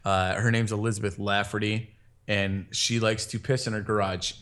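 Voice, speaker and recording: A man's voice: on the low side, flat delivery, moderate pace, fairly bright tone. A man co-hosting a casual podcast, telling rambling stories and acting out what other people said. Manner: rambling storyteller, acts out quotes. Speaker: podcast co-host.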